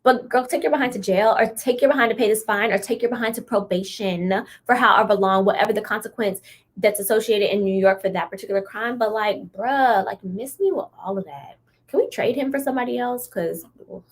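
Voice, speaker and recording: A young woman co-hosts a podcast in a mid-range voice, speaking a little fast. Her casual chat is blunt, emphatic and full of slang.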